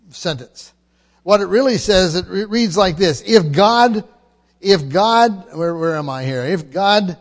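A man with a high voice preaches through scripture, driving points home by repeating them and often restarting his sentences. His voice rings out with a long reverb, as in a large hall. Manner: emphatic, repeats key phrases, frequent restarts. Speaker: pastor. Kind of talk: expository sermon.

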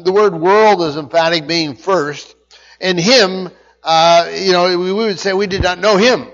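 A man preaching a verse-by-verse Bible teaching, stumbling and repeating words, his voice rising loud and then dropping quiet. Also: on the high side, big-room sound, lo-fi sound. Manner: halting, repeats words often, swings between loud and quiet. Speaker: pastor.

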